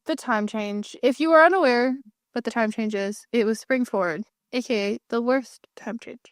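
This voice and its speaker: Woman podcast cohost, casual gabby chat, slightly high voice, dry close sound. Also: moderate pace, no echo. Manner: chatty, bursts into sung jingles. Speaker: podcast co-host.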